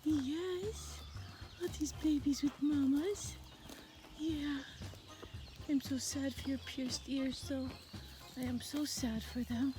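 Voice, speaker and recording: A woman cooing at calves outdoors in high, sing-song baby talk. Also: fairly even intonation, takes it slowly, pauses often. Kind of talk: cooing at farm animals. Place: outdoors on a farm.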